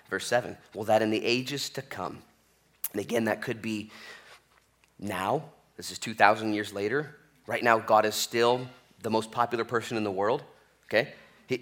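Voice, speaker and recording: Forceful, animated male pastor preaching. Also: medium pitch. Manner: animated, jokey, conversational preaching with frequent "okay?". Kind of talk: expository sermon.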